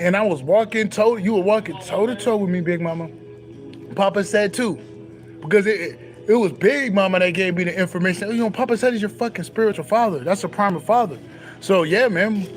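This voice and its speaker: Young man, high voice, emphatic and profane spiritual monologue, faint music bed. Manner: profane, emphatic, repeats phrases. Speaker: spiritual content creator.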